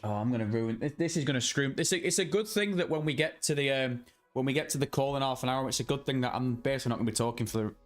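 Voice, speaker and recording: A man's voice: mid-range voice, quick pace, few pauses, soft background music. A man hosting a casual livestream, jokey and rowdy, swearing freely and greeting chat members by name. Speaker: livestream host. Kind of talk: casual live stream chat.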